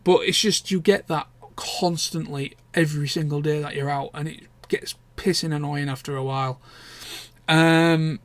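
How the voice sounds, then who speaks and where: A man's voice: on the high side, steady tone, normal speed, dry recording. A young man, chatting casually and candidly in a rambling vlog catch-up, with the odd swear word. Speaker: vlogger. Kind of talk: casual chat.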